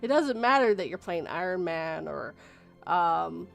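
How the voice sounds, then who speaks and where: A woman hosting a casual live-stream chat, animated and quick to laugh. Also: fairly low pitch, creaky, soft background music. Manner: animated, laughs often, acts out quotes.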